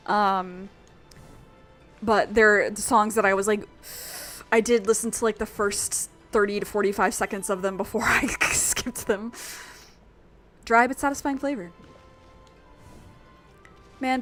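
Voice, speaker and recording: A woman's voice: mid-range voice, fairly even intonation, normal speed, a bit bright, faint music behind. A young woman streaming a video game, chatting casually in a rambling, giggly way. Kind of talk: casual chat while playing a video game.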